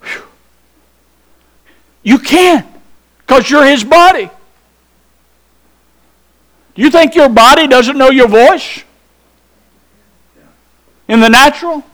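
A man's voice: extremely high pitch, slow pace, pauses often, a bit bright. A pastor preaching a sermon, emphatic and drawn out, putting questions to his congregation.

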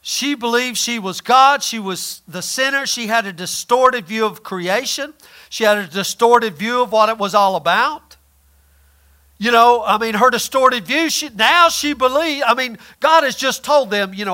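Man, preacher, sermon, high voice, folksy, emphatic, loud-then-quiet delivery. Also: lively intonation, moderate pace.

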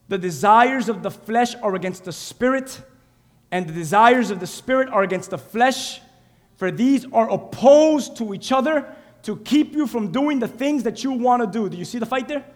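A man preaching a sermon as pastor, building to shouts and calling for amens. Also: high voice, moderate pace. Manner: preaching with rising shouts and calls for amen. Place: church sanctuary. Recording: hall reverb.

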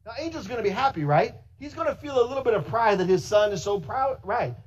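A pastor preaching a sermon in an animated way, asking the congregation rhetorical questions and speaking to them directly. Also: mid-range voice, fast talker, lo-fi sound.

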